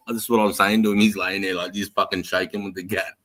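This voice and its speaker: A middle-aged Australian man telling army stories in casual chat. His voice sits deep but bright and forceful, laughing and cursing freely. The sound is dry and close. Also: flat delivery, fairly quick, dry recording. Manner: swearing, laughing storyteller. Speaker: podcast co-host, ex-army instructor.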